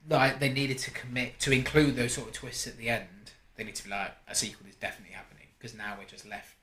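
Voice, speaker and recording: A man hosts a casual film podcast. His voice is bright and forward, and his delivery is animated and rambling, full of restarts. It all sits in a roomy, echoey space. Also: medium pitch, brisk. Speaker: podcast host.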